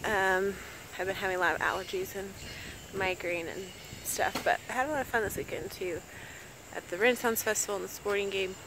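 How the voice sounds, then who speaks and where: A young woman vlogging in an easygoing, chatty way, speaking at a middle pitch. She addresses the camera about her day. A faint noise sits under her voice. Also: a little fast. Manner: chatty, relaxed, talks to the camera. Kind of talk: casual vlog chat.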